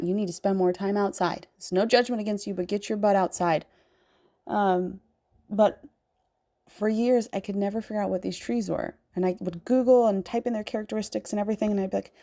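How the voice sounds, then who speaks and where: Mellow-voiced woman, rambling heartfelt talk. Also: mid-range voice. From Pacific Northwest. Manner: rambling, heartfelt, swears casually. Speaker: spiritual channel host. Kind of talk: casual spiritual talk.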